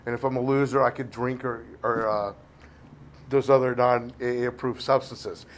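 A man's voice: mid-range voice, fairly even intonation, moderate pace, slight background noise. Rambling middle-aged man sharing his story. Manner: rambling, self-deprecating, frequent "you know". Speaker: recovery speaker. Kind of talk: candid personal recovery talk.

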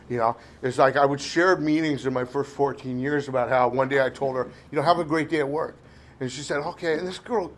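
A middle-aged man with a mid-range voice gives a candid talk about his recovery, rambling and poking fun at himself while saying "you know" constantly. There's a bit of background noise.

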